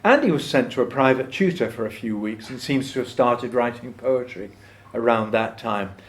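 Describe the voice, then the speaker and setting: A man's voice: mid-range voice, normal speed. A man speaking at a folk club, explaining a poet's life with dry, joking asides and reciting a poem aloud. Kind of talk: talk with poetry recitation to a live audience.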